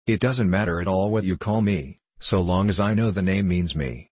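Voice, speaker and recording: A man with a low, husky voice reading the lines of a gruff, blunt female yellow hen in an audiobook story. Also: moderate pace, no room sound. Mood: matter-of-fact. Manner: gruff, blunt and self-assured.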